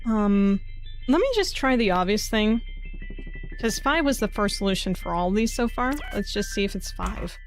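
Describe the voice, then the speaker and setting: Woman, streamer, muttering, thinking aloud, swears when stuck, mid pitch, faint music behind. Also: expressive, moderate pace. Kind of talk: casual live game commentary.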